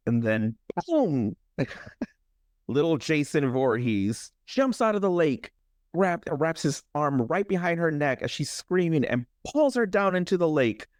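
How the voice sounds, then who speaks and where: A young man co-hosting a horror podcast, recapping a movie in a casual, animated way, joking and laughing. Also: fairly high pitch, measured pace, dry recording, studio quality. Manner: animated storyteller, jokes and laughs. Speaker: podcast co-host.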